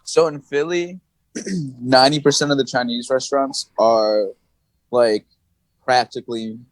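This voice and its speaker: A man as a podcast guest, telling stories in casual chat, animated, laughing and swearing as he goes. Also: mid-range voice, a little slow, dry recording. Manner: animated, swings his voice up and down, laughs and swears often.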